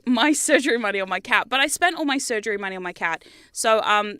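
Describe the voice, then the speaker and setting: A young woman streamer chats in a rambling, casual way, breaking into laughter often and swearing freely. Her voice is high, bright and smooth. It is recorded close and dry, with no room sound. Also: lively intonation, a little fast, no echo.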